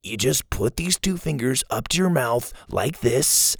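A man's voice: mid-range voice, expressive, a little slow, vocal fry, husky, no echo, studio quality, exaggerated voice. A man doing a patient, encouraging boy. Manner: patient, instructive.

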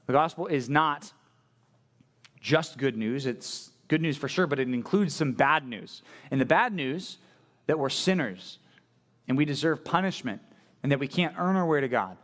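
A man's voice: medium pitch, lively intonation, normal speed, a bit bright. A middle-aged male pastor preaching a conversational sermon, asking listeners direct questions and acting out the quoted voices.

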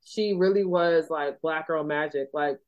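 On a muffled recording, the Philadelphia doctor and podcast host talks at a measured pace in a deep, darkish voice. Her casual chat is earnest and full of "like" and "you know."

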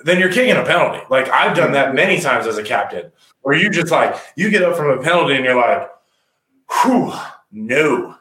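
Animated man with roomy echo. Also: fairly high pitch. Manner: animated, acts out players' talk in quick voices. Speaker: rugby analyst, former captain. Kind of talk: casual sports podcast analysis.

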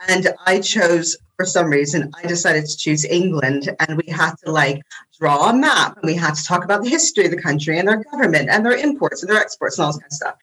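American woman guest, 40s, talks loose and laughy, bright sharp tone. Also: on the low side, animated, fast, rough recording. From United States. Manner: chatty, laughs often, self-deprecating. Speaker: guest, interior design blogger. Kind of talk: casual interview chat.

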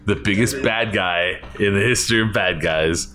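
A man's voice: fairly low pitch, normal speed, bright, forceful tone, soft background music. A man hosting a podcast in a casual chat, rambling and swearing and laughing a lot. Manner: rambling, profane, laughing often. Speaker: podcast host.

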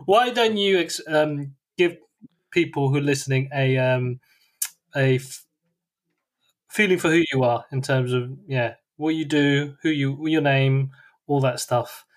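A man's voice: mid-range voice, measured pace. A man hosting a podcast in casual chat, laughing often and teasing his guest. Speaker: podcast host.

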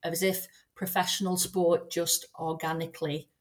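A woman with a somewhat low voice answers questions as an academic guest on a podcast. She thinks aloud, often restarting and pausing on fillers. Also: flat delivery. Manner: thoughtful, many fillers and restarts. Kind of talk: podcast interview.

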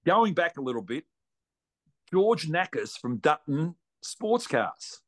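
This racing guest's voice is fairly high and sing-song, and he takes his time. With an Australian accent, he tells a long, casual story in blunt, salty, colloquial language.

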